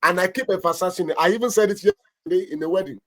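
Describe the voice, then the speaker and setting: Speaking fast in a high-pitched voice, a man with a Nigerian accent, a pastor and marriage counselor, hands out emphatic marriage advice on a talk show. He's preacherly, acting out little anecdotes.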